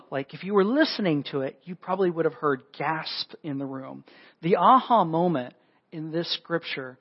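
Man, pastor, sermon, husky, animated, dull lo-fi audio. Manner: animated, acts out the scripture voices with big pitch jumps.

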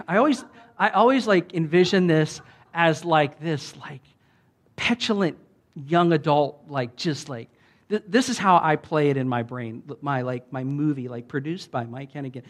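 A man preaching a sermon, telling a parable in a casual way and raising his voice when he reads the quoted lines. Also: measured pace. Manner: animated, voice rises high when reading quoted lines; casual, many fillers, laughs often. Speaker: pastor.

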